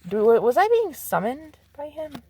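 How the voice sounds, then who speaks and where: A woman giving a casual tarot reading to her viewers, excitable and swearing freely, swinging from hushed asides to loud exclamations. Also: high-pitched, unhurried, a little hiss or hum. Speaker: psychic medium and tarot reader.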